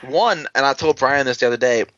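A man with a bright, forceful voice tells a long, rambling story over casual chat, stumbling through fillers and restarts and chuckling along the way. The recording is dull and lo-fi, with a dry, close sound. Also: mid-range voice, a little fast, no room sound.

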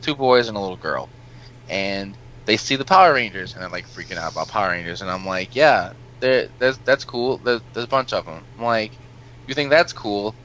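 A man's voice: fairly low pitch, expressive, moderate pace, fairly bright tone, slight background noise. A man casually telling long, rambling stories on a podcast, swearing freely and laughing at his own anecdotes. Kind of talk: casual storytelling chat. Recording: dull lo-fi sound.

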